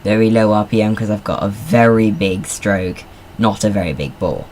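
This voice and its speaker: This time his darkish, low voice holds a steady tone at normal speed, with slight background noise. Still playing the car design game, the gamer rambles and chats, adding self-deprecating remarks.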